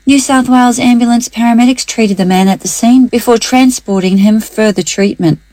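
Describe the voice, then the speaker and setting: A woman reading the local radio news in a steady, measured way. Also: on the high side, dry recording. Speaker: news reader.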